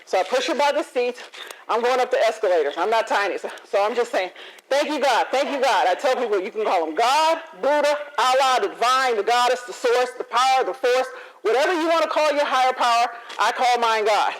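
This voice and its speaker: A woman motivational speaker telling a personal story in a keynote talk, animated and often acting out the dialogue. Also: a little high, fairly quick, low-quality recording. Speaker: motivational speaker and confidence coach.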